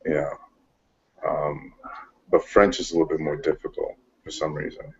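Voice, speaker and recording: A man with a very deep, gravelly and husky voice. He chats casually and hesitantly, filling his pauses with ums and restarting his sentences. The recording is dull and lo-fi. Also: little pitch movement. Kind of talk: casual chat.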